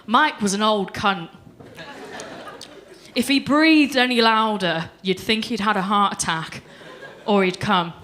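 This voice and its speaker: A young woman performing a deadpan stand-up set on a comedy club stage. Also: mid-range voice, a little slow, long pauses, background noise. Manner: deadpan storytelling with voiced quotes.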